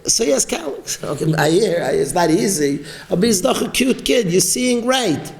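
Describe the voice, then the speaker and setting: A man giving a sermon as a rabbi, preaching emphatically and with animated, rising exclamations. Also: sits high, normal speed, creaky, few pauses. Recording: roomy echo.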